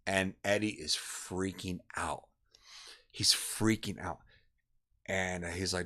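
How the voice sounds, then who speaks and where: Streamer, middle-aged guy, lowish voice, acts out the voices in his story. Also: normal speed. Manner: animated, acts out voices, says man a lot. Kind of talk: casual storytelling while streaming a game.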